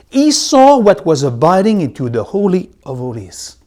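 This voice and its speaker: Man teaching a Bible study, drawn-out repeated key words, loud-soft swings. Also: sits high, huge pitch swings. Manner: swings between loud emphasis and soft asides.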